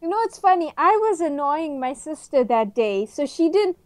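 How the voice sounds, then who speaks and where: High-voiced, excitable woman telling a story. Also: moderate pace, no room sound. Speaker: podcast co-host. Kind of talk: casual chat.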